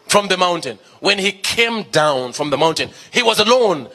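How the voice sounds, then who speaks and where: Pastor, male, high husky voice, emphatic sermon delivery with lots of repetition and questions. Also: lively intonation, moderate pace, hardly any pauses, sharp tone. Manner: emphatic, repeats key phrases, asks the congregation questions.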